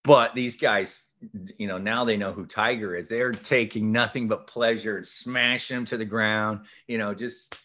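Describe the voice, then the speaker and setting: A man telling a story as a podcast guest, lively, acting out the voices and shouting the punchlines. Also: on the low side, normal speed, highs cut off. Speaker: podcast guest, golf instructor. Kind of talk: animated storytelling.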